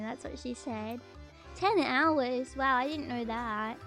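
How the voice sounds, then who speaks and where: Woman streamer, high voice, unhurried, playful casual chat with soft music behind. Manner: chatty and playful, jumping much higher when excited. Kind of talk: casual stream commentary reacting to a video.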